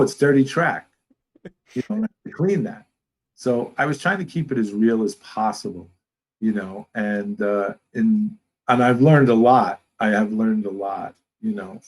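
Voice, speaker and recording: A man from Brooklyn with a New York accent, a guest in a casual interview who rambles warmly and animatedly. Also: lowish voice, rough recording. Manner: rambling, animated, talks with his hands.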